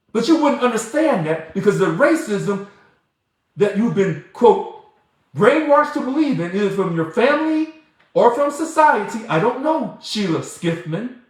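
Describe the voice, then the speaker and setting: A man hosting a livestream and answering viewer comments in an emphatic, heated way. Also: high voice. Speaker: livestream host. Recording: very echoey room.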